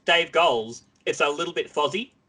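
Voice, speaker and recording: A man's voice: on the high side, normal speed, pushed and bright. A man, a podcast guest, chatting loosely and self-deprecatingly, jumping between thoughts. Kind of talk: casual chat.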